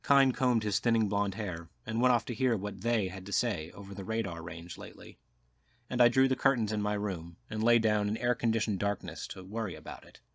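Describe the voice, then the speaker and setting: A man reading a short story aloud in a measured, quiet, subdued narration. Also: on the low side, vocal fry, no room sound. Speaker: audiobook reader. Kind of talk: scripted narration.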